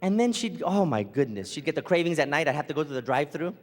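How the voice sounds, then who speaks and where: Animated high-voiced male stand-up comic. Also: quick pace. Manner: animated storytelling, acting out his wife's lines. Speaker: stand-up comedian. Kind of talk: stand-up comedy set. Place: large theater stage. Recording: live hall reverb, faint ambience.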